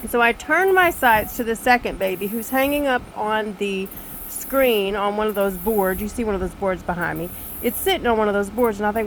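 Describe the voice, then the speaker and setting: An older woman telling a story to camera on her screened back porch, animated, exasperated and poking fun at herself. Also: medium pitch, brisk, slight background noise, rough recording. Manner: animated, exasperated, self-mocking. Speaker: vlogger.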